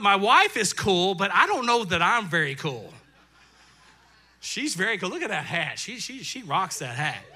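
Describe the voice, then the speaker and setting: A middle-aged male pastor preaching a lively, jokey sermon that swells into loud bursts. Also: high-pitched.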